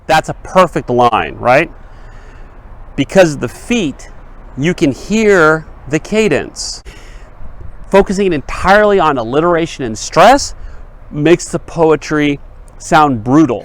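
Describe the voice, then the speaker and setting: Slow, deliberate male literature teacher. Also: on the high side, lively intonation. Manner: slow, reads verse lines aloud, checks in with 'right?'. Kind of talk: explanatory lecture.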